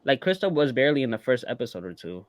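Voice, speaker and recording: A man co-hosting a casual reality TV recap podcast, talking in a relaxed, hesitant way with many fillers. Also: medium pitch, quick pace, dry recording. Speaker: podcast co-host.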